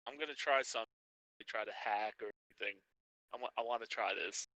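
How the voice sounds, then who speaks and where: A man's voice: mid-range voice, a little fast, pushed and bright, no echo, poor audio. A man playing a tabletop role-playing game, eager and playful as he describes his moves. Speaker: player. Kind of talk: casual tabletop play.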